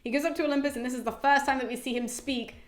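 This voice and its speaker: A young woman summarizes a book in a chatty, animated way and leans on fillers. Her voice is fairly high. The room adds a clear echo. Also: very fast. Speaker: host. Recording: roomy echo.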